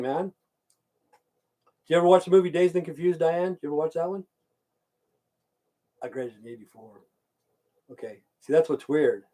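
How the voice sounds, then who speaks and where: An older man from the United States rambling and cursing as he chats with his livestream viewers, swinging between loud bursts and mumbles. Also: a little high. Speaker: livestream host chatting with viewers. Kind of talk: rambling casual livestream rant.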